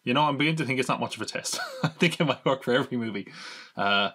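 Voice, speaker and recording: A man's voice: mid-range voice, racing, pushed and bright. A man hosting a podcast in casual chat, rambling and sarcastic, with the odd swear word thrown in. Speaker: podcast host.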